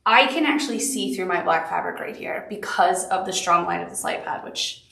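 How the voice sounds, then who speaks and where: A woman's voice: on the low side, normal speed, gravelly, pushed and bright, echoey room, recorded from a distance. A woman with a Southern accent leads a live quilting tutorial, chatty and upbeat, with cute little asides. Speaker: quilting instructor.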